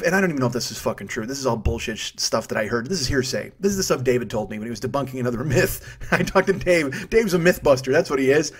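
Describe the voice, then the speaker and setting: A man's voice: medium pitch, husky. A man in his fifties hosting a solo comedy podcast, profane and self-mocking, wandering off on tangents. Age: 50s. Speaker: podcast host.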